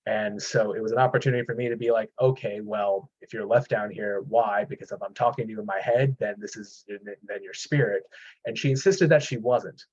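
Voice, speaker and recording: A man's voice: fairly low pitch, steady tone, a little fast, darkish tone, husky. A man telling a personal paranormal story in casual chat, rambling with many fillers and restarts. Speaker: podcast host. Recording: dull lo-fi sound.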